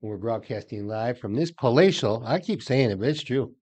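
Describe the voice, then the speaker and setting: A man's voice: mid-range voice, animated, a little fast, darkish tone. An older man, co-hosting a local talk show in a folksy, storytelling manner. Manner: folksy, storytelling, repeats words. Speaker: co-host.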